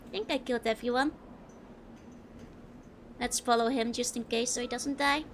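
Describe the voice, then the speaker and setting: A young woman from the Netherlands with a clear Dutch accent, streaming a game. Her voice sits high, and she chats loosely with viewers and giggles often between remarks. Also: brisk, pauses often, slight background noise. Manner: giggly, chatty, answering chat while playing. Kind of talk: casual game-stream chat.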